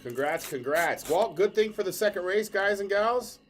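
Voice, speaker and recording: A man with a slightly higher voice hosts a livestream, talking directly to viewers. He sounds upbeat and keeps things moving along. Quiet guitar music sits faintly behind him. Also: animated, normal speed. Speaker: livestream host running giveaways. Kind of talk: casual livestream chat.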